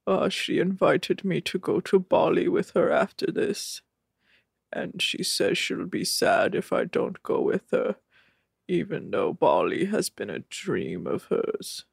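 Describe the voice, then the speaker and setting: Give me a woman playing a deadpan young man with a low, lifeless, droning voice. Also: creaky, husky, no room sound, studio quality, heavily acted. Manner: slow, low, droning monotone.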